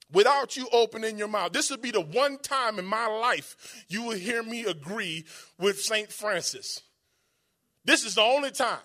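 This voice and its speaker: A man with a high, bright voice preaching a sermon. He talks to the congregation like a conversation, then slows right down to lean on every quoted verse. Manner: emphatic, conversational preaching with dramatic pauses and slowed quotes.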